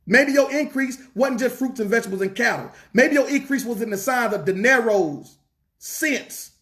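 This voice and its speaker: A man's voice: very high voice, lively intonation, normal speed, fairly bright tone. A man preaching a fervent sermon in a church, repeating lines and asking the congregation rhetorical questions, with a Southern US accent.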